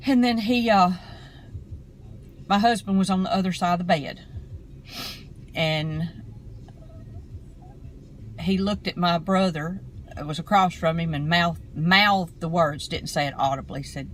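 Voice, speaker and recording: A middle-aged woman, talking casually to camera from her car in an earnest, rambling, halting way. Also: lowish voice, slight background noise, rough recording. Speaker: vlogger.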